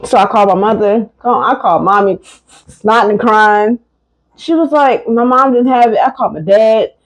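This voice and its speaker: A woman's voice: fairly high pitch, normal speed, low-quality recording. A woman co-hosting a casual chat, telling a story and acting out every quote. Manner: animated storyteller, acts out quotes. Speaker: podcast co-host.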